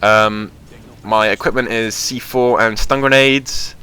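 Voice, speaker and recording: A man's voice: on the low side, steady tone, takes it slowly, sharp tone, clear, resonant tone. A young man chatting casually over gameplay footage as host of his gaming channel, rambling with lots of fillers. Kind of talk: casual game commentary.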